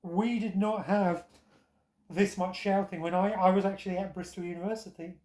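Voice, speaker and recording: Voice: mid-range voice, steady tone, normal speed, darkish tone, roomy sound. A tired vlogger giving rambling, sardonic commentary with self-mocking asides, short on sleep.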